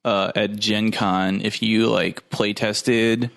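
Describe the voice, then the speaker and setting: A man with a gravelly, fairly low voice jokes his way through a casual podcast chat. He laughs often. The sound is dry and close. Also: little pitch movement, takes it slowly, fairly bright tone, dry recording. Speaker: podcast co-host.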